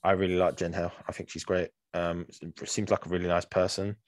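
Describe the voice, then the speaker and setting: A young man with a very low voice chats on a podcast. He rambles and restarts often, filling gaps with ums. The sound is dry and close. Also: little pitch movement, a little fast, no echo. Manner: rambling, many fillers and restarts. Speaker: podcast co-host. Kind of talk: casual chat.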